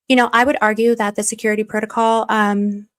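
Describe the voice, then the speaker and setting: A woman's voice: medium pitch, little pitch movement, a little fast, fairly bright tone, clean tone. A woman hosting a casual livestream from home, gushing over viewers' comments and rambling through stories. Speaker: livestream host reading chat.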